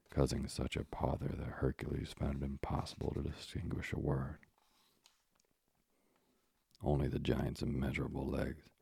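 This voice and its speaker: Very deep, gravelly male storyteller. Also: warm tone, no room sound, clean studio sound. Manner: measured, old-fashioned, moralizing asides. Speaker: narrator. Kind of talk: storybook narration.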